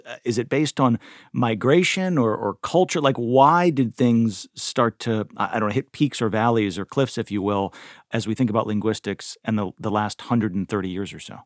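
A male radio host asks his guest long questions that stop and restart along the way. His voice is middle-pitched and sounds dry and close to the mic. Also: no echo. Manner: rambling, self-interrupting questions.

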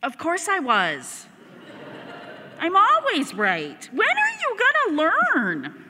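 A woman's voice: extremely high pitch, huge pitch swings, slow, pushed and bright, slight background noise, full character voice. An actress in a live radio drama playing a blunt, bossy retired businesswoman who scolds her old friend, recorded on stage in a reverberant hall. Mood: smug. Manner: scolding, huffy, then tender.

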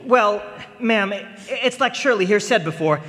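A man plays a lovestruck young suitor who stammers when flustered. His voice is high and bright, with a roomy reverb. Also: lively intonation, moderate pace. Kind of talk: radio drama acting.

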